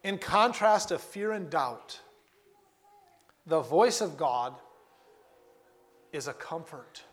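Guy preaching a sermon, kinda high voice, says stuff twice for emphasis. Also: expressive. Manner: earnest, repeats phrases for emphasis, slows on key words.

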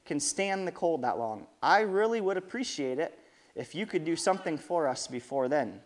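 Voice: medium pitch, expressive, normal speed, natural voice. Preacher doing a polite young guy begging for help, voice bouncing around. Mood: pleading. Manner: pleading. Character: polite worried young man.

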